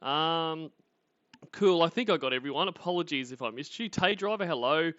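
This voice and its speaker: Commenting casually on his livestream, an Australian man rambles, mocks people and swears without restraint. He sounds animated and on the high side, a bit bright, at a moderate pace; the recording is dry, slightly muffled and free of room sound.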